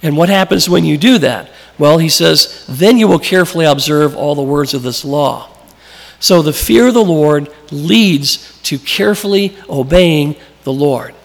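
Male preacher, conversational sermon, slightly high gravelly voice, long hall reverb. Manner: conversational, asks questions, tells personal stories. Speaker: preacher and Bible teacher.

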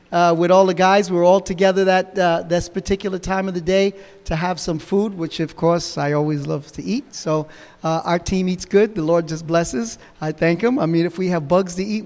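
A man casually recounting a team's trip to a group, halting and full of fillers. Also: high-pitched. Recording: long hall reverb.

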